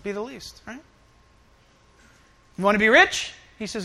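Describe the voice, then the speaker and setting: Middle-aged man preaching, high and bright, lively delivery with acted-out quotes. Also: a little slow. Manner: animated, acts out quoted voices. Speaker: pastor. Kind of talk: sermon.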